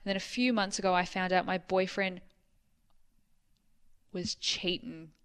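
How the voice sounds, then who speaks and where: A woman's voice: on the low side, unhurried, clear, resonant tone. Woman reading listener mail. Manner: reads listener emails aloud, relaxed. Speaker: podcast co-host. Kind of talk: casual podcast chat.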